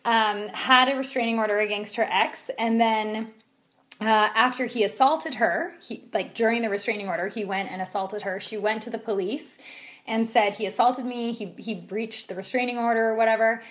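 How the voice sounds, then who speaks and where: A woman co-hosting a casual discussion podcast, talking in an animated, indignant way with many fillers. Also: fairly high pitch, normal speed. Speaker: podcast co-host.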